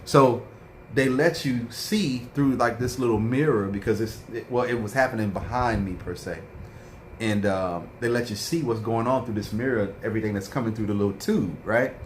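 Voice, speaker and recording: Man, low voice, casual vlog chat, rambling with fillers, faint background hum. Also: normal speed. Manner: rambling storytelling with many fillers. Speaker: vlogger. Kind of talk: casual livestream chat reading viewer comments.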